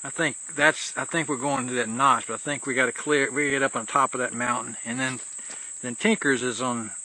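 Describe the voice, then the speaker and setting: A man's voice: medium pitch, steady tone, brisk, sharp tone. A man guiding viewers along a mountain trail as he walks, filming handheld in a chatty, loose way, restarting his phrases as he goes. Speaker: hiker scouting a trail. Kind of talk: casual walking commentary to camera.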